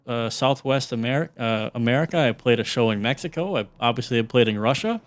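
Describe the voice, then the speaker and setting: A man talking casually as a guest over a video call, explaining with relaxed, dry sarcasm. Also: medium pitch. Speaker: guest, drum programming course creator.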